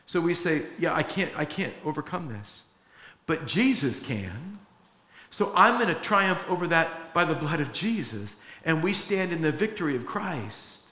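A man's voice: a little high, bright, forceful tone, roomy sound, long reverb tail. A middle-aged pastor preaching a sermon in an earnest, conversational way, acting out the quotes he tells.

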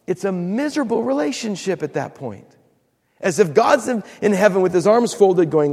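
A man's voice: on the high side, expressive, moderate pace, creaky, darkish tone, long reverb tail. A man preaching a sermon as pastor, acting out quotes and repeating words for emphasis.

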